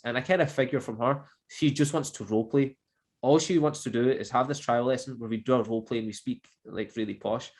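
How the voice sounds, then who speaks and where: A man with a mid-pitched voice tells stories in a casual chat. He is an online English teacher, animated and laughing as he acts out what people said. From Scotland.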